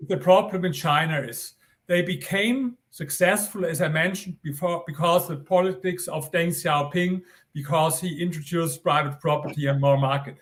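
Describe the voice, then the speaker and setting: A man's voice: a little high, moderate pace, fairly bright tone. An older man with a German accent, a guest author giving earnest, insistent interview answers and repeating his points.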